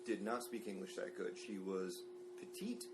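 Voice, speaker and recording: A man's voice: deep voice, steady tone, normal speed. A man co-hosting a casual podcast chat, telling stories and laughing through them. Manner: storytelling, laughs through his own stories. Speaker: podcast co-host. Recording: humming background noise.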